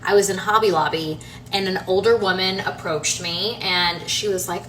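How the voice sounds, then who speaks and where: A woman's voice: medium pitch, moderate pace, pushed and bright. A woman in her thirties chatting casually to her followers in a rambling way, full of fillers and restarts. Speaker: home renovation designer and social media creator. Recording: somewhat distant from the mic, faint room noise.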